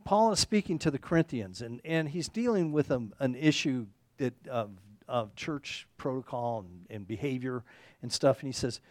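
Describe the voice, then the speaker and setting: A man's voice: medium pitch, animated, moderate pace, darkish tone, dry recording. A man preaching a conversational sermon, rambling and correcting himself, often checking in with "okay?". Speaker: pastor.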